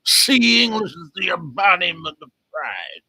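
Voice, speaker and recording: A furious hellfire preacher rants in a slow, sermon-like drawl, as a man puts him on. The voice is raised high and bright, with a husky edge, and sits dry and close. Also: sing-song, no echo, heavily acted, rough recording. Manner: ranting, sermon-like, drawn-out delivery. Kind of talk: storytelling with character voices.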